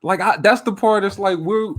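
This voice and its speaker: A man hosting a podcast, talking sports in animated, slangy banter. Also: high-pitched, normal speed. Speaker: podcast host. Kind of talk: casual chat.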